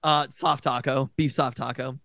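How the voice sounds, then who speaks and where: A man's voice: medium pitch, normal speed, creaky, dry recording, clean studio sound. A man co-hosting a casual podcast, telling a funny story about a food argument with a laugh in his voice. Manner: laughing, animated, self-mocking. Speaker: podcast co-host. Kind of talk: casual chat.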